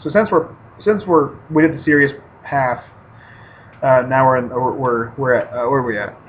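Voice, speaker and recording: A man's voice: mid-range voice, normal speed. Casting: man, podcast co-host, swears through rowdy fight stories, lo-fi recording. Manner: profane animated storytelling. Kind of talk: casual podcast chat. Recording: muffled lo-fi with faint hiss.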